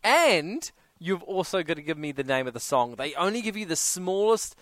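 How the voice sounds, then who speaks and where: A man's voice: a little high, sing-song, moderate pace, a bit bright, no echo. Aussie radio guy hosting a song quiz, playful and teasing, dead dry studio mic. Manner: playful, teasing game presenter. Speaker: radio host. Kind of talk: casual radio banter. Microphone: studio microphone.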